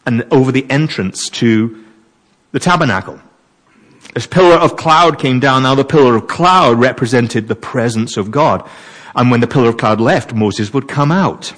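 A man's voice: mid-range voice, unhurried. A man preaching a sermon, reading verses and wondering aloud over their meaning. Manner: animated, wondering aloud, mixes reading with asides.

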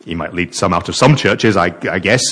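A man's voice: low voice, fairly quick, breathy edge. A man preaching a sermon, reading verses and wondering aloud over their meaning. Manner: animated, wondering aloud, mixes reading with asides.

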